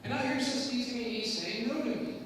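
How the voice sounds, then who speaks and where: An American man in his thirties telling his personal story as a guest speaker, animated, with sudden loud rises. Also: extremely high pitch, fairly quick, a little hiss or hum. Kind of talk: personal testimony talk. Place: large echoey hall. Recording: echoey hall, distant mic.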